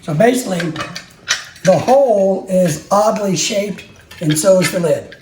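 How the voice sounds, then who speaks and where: A man's voice: high voice, lively intonation, unhurried, noisy background. A middle-aged man hosting a home vlog, joking about himself and thinking aloud as he demonstrates a kitchen gadget. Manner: joking, self-mocking, thinks aloud while working. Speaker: vlog host. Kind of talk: casual how-to demo. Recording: echoey kitchen, clattering dishes.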